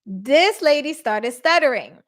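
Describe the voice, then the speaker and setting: Middle-aged woman podcast host, lively, acts out every quote. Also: high-pitched, unhurried. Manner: animated, acts out quotes with voice shifts. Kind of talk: casual storytelling to listeners.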